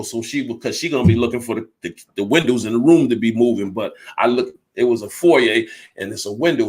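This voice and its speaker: Man, fifties, candid storyteller, blunt, swears, animated, mid-pitched voice. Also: slightly rough. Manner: animated, blunt, swears, acts out both sides of arguments. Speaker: storyteller recounting his life.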